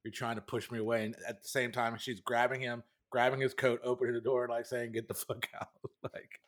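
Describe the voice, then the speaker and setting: A man's voice: mid-range voice, little pitch movement, fairly quick, a bit bright. A young man co-hosting a podcast, chatting loosely, laughing and swearing freely. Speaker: podcast co-host. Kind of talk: casual chat.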